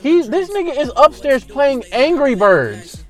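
A man's voice: very high voice, a little slow, faint music behind. A young man telling a story about his job as a casual, profane rant, acting out the people he quotes. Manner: profane, animated, restarts and acts out quoted lines.

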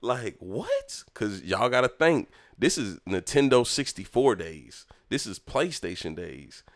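A young man telling a lively childhood story in casual chat, acting out the people in it. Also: on the low side, measured pace. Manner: animated, acts out voices in his story. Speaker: storyteller talking with his mother.

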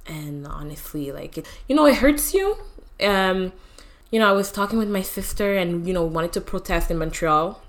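Emotional young woman with a low voice. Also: expressive. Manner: emotional, halting, many fillers. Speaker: podcast co-host. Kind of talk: casual chat.

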